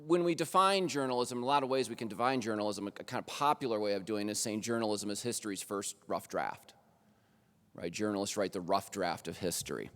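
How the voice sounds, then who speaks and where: A man's voice: fairly low pitch, brisk, a bit bright. A man, a college journalism professor, lecturing at a faculty roundtable in a conversational way and often checking in with the audience. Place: college auditorium stage. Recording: long hall reverb.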